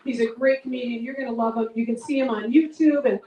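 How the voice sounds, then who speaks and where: A woman in her thirties hosting a comedy show, telling stories in animated bursts with laughs. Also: on the high side, fast talker, echoey room, recorded from a distance, rough recording. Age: 30s. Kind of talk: stand-up comedy.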